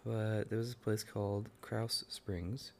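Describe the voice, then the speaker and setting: A man's voice: lowish voice, level tone, measured pace, vocal fry, a little hiss or hum. Laid-back, slangy man. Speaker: podcast co-host. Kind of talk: casual chat.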